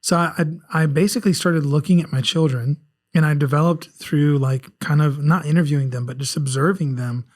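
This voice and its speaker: This guest author on a loose, casual podcast is a South Carolina man in his forties with a slight Southern lilt. He speaks fairly quickly in a somewhat high, darkish voice, wandering through his thoughts with frequent restarts while reflecting candidly on himself.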